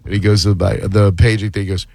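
Low-voiced wisecracking male radio host. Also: fast, creaky, dry recording. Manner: wisecracking, deadpan. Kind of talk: casual radio chat.

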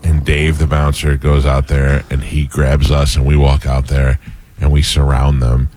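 A man hosting a casual talk show, telling animated stories with laughter. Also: very deep voice, measured pace. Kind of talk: casual storytelling chat.

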